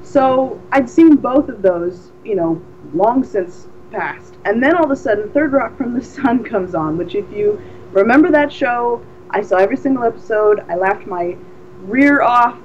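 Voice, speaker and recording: A woman's voice: a little high, normal speed, a little hiss or hum. A woman co-hosting a podcast in casual chat, telling stories with lots of energy and frequent restarts. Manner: animated storyteller, many restarts. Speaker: podcast co-host. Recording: dull lo-fi recording.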